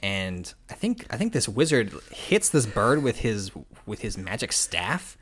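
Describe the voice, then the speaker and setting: A man casually chatting as a podcast co-host, rambling with many restarts and animated retellings. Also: fairly low pitch, measured pace, husky. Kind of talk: casual chat.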